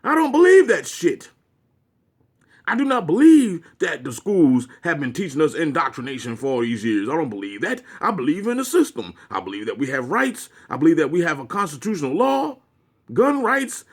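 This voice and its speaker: A man's voice: on the high side, sing-song, a little fast, husky. A man mimicking a naive, trusting man who insists he believes in the system, in a mocking sing-song voice.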